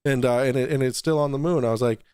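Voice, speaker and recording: A man hosting a casual online talk show, rambling and restarting sentences, quick to laugh. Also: mid-range voice, dark tone, clear, resonant tone, dry recording, clean studio sound. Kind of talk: casual podcast chat.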